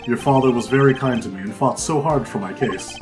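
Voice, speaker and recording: A man voicing a kind, soft-spoken elderly male baker who talks slowly and gently. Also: medium pitch, natural voice. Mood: gentle. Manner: slow and gentle. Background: game music.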